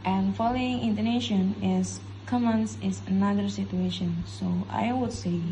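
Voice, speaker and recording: A young woman reads a class presentation at a mid pitch, careful and steady as she works through example sentences. A faint hiss sits under her voice. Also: unhurried, poor audio. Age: young adult. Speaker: student presenter.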